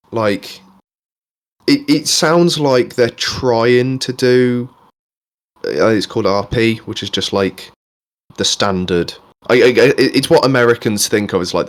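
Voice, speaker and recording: A man's voice: fairly low pitch, measured pace. A young man from England co-hosting a podcast in casual chat, rambling and swearing freely with many restarts. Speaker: podcast co-host.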